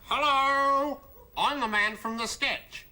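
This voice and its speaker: A comedy performer playing a confused man in a raincoat, talking in a silly high-pitched voice. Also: slow, noisy background. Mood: bewildered. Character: bewildered man from the sketch, fussy and lost. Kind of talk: sketch comedy acting.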